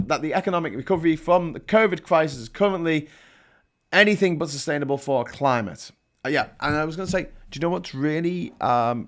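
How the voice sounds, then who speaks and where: A man with a Scouse accent hosting a live call-in stream, chatting and reading news headlines with sarcastic asides. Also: on the high side. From Liverpool, England. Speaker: live-stream chat show host. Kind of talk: casual chat reading headlines.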